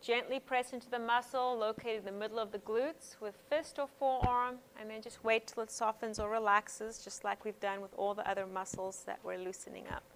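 Gentle, chatty woman teaching pain relief. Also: fairly high pitch, fairly even intonation, brisk, few pauses, a little hiss or hum. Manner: gentle, conversational, frequent um fillers. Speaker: hands-on pain management instructor. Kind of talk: instructional talk with personal stories.

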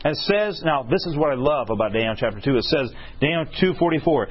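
A man's voice: a little high, expressive, fairly quick, hardly any pauses. A man preaching a sermon, telling a story and asking his listeners questions that he answers himself. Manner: asks the crowd questions and answers them himself. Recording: husky, dull lo-fi recording.

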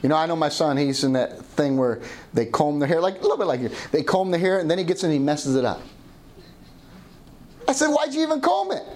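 A man's voice: on the high side, animated, brisk, long pauses. A middle-aged man preaching a sermon as pastor, often calling out "Amen?" to the congregation. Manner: call-and-response preaching, asking "Amen?".

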